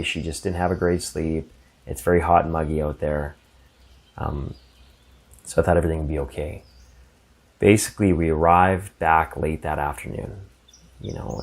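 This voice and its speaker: Deep-voiced man telling a ghost story. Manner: halting, earnest, repeats words when emotional. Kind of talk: first-person ghost story narration.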